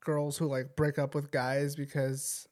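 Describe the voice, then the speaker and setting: A man's voice: a little high, flat delivery, unhurried, darkish tone. Dry-joking, cursing podcast co-host, male. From Arizona. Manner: casual, profane, dry joking. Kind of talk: casual chat.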